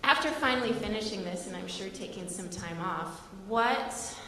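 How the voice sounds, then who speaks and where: A woman's voice: mid-range voice, lively intonation, normal speed, bright, forceful tone, slight background noise. A woman in the audience asking a question at a talk, hesitant and full of fillers. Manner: hesitant, filler-heavy phrasing. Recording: echoey hall, voice from a distance.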